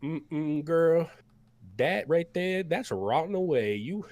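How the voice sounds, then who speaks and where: A man's voice: a little high, expressive, takes it slowly, a little mellow, dry recording, pitched above the performer's own voice. A man voicing a folksy older male cook who talks in country phrases, stammering and exclaiming. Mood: fussing folksy.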